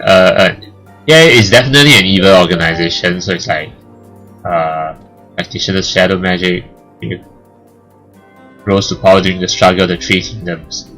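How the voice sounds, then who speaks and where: Let's play host, male, lowish voice, casual, jokey, reads narration aloud. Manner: joking, laughs at the story, gets loud when excited. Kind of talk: reading game text aloud with casual commentary.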